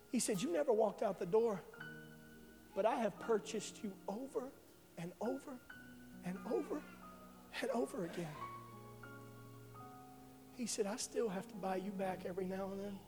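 A man preaching a sermon, telling an emotional testimony that swells to loud passionate peaks. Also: high-pitched, normal speed, pauses often. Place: church sanctuary. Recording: live hall with reverb and faint music.

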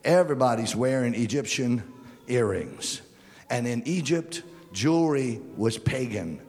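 A man preaching a sermon, swinging between low, quiet stretches and loud, impassioned peaks. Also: animated, measured pace. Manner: impassioned, rises to near-shouting then drops low. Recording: long hall reverb.

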